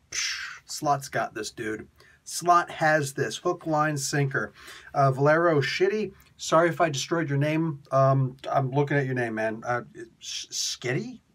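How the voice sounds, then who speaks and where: A man reviews a comic book casually for his video channel, excitable and rambling, laughing often. His voice is a little high and husky.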